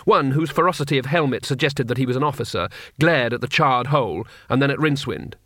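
A man narrating a comic fantasy audiobook with measured, wry timing. His voice sits at a middle pitch. The recording is dry and close. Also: expressive, bright, forceful tone, no echo. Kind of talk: audiobook reading.

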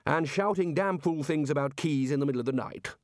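A man's voice: on the high side, brisk, dry recording, studio quality, pitched above the performer's own voice, close to an everyday voice. A man voicing a bluff, impatient elderly wizard who heads a university, in an audiobook. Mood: brusque. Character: blustering elderly male wizard headmaster.

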